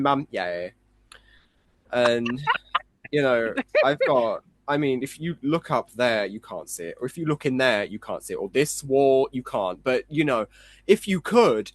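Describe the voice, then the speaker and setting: A man's voice: mid-range voice, animated, normal speed. A man appearing as a guest illustrator on a podcast, speaking casually with self-deprecating, rambling humour and jokey asides.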